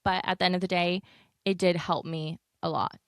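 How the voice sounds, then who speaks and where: A woman's voice: on the low side, level tone, moderate pace, no room sound. Chatty young woman podcasting, dry close sound. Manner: chatty, filler-heavy, candid and rambling. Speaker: podcast host. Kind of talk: casual solo podcast chat.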